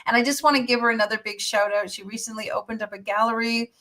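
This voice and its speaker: A woman's voice: a little high, fairly even intonation, fast talker, very noisy. A woman hosting an interview, talking in a gushing, effusive and upbeat way. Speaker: host. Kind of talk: enthusiastic promotional interview talk.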